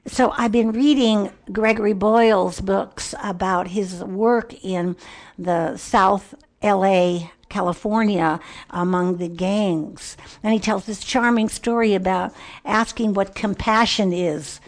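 A woman's voice: mid-range voice, steady tone, slow pace. An older woman giving a devotional talk in an earnest, reflective way. She sometimes drops to a near whisper. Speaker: Christian speaker.

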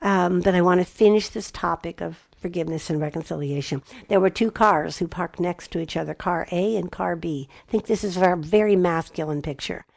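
Middle-aged female Bible teacher, low and gravelly, emphatic with playful asides. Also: darkish tone, no room sound. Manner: slow emphatic delivery, spelling words out. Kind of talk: teaching talk.

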